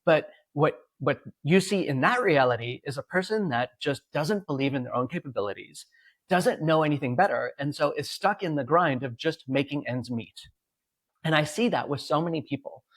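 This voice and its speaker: A man's voice: on the high side, normal speed, no echo. A man co-hosting a podcast as a coach, telling stories and acting out the people in them. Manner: animated storyteller, acts out dialogue with a lifted voice. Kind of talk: casual podcast conversation.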